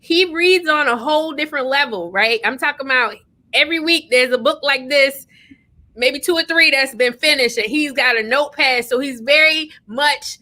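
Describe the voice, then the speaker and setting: Excitable high-voiced woman hosting a livestream. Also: normal speed. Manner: excitable, effusive, laughs often. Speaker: host. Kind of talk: livestream chat reading comments.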